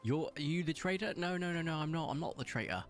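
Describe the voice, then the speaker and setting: A man's voice: fairly high pitch, animated, fast talker, soft background music. A young British man streaming live and chatting casually, rambling with lots of fillers and restarts.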